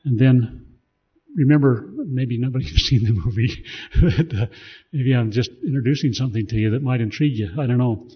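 Man speaking casually to a group, digressive, husky voice, muffled recording. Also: mid-range voice, a little fast. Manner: rambling, digressive storytelling. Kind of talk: casual talk.

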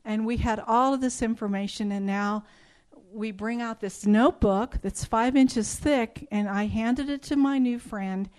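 Middle-aged woman, slightly high voice, emphatic storyteller giving testimony, acts out dialogue. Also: unhurried, darkish tone, clean tone. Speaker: speaker telling a personal testimony. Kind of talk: spoken testimony to an audience.

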